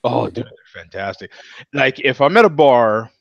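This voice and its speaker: A man's voice: medium pitch, animated, normal speed, gravelly, no room sound, highs cut off. A man hosting a casual beer chat show, talking loosely and chuckling as he rambles. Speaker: host.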